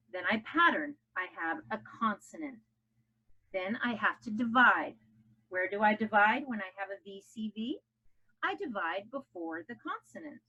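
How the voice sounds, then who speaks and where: Woman teacher, bright and forceful, leading young kids through a phonics lesson on dull lo-fi home audio. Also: medium pitch. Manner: upbeat, coaxing children to chant along.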